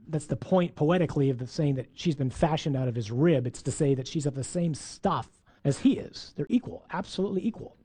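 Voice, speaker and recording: A man giving a faith lesson on scripture, lively and playful, acting out voices in his asides. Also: on the high side. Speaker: teacher.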